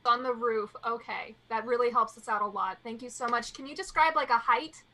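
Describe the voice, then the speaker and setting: A woman's voice: on the high side, fairly quick, pushed and bright. A woman voicing a sweet, soothing female adventurer playing good cop with an overly polite customer-service tone.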